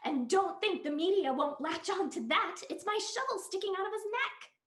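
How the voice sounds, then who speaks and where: Woman reading as a frantic, high-pitched woman in trouble. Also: animated, moderate pace, fairly bright tone. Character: panicked divorced woman who killed her ex. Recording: roomy echo.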